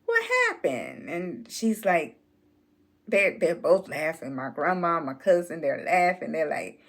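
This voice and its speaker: A woman telling a childhood story to her viewers in a relaxed, drawn-out way. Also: sits low. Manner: slow, drawn-out storytelling, addresses viewers as y'all. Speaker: channel host. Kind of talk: casual storytelling vlog.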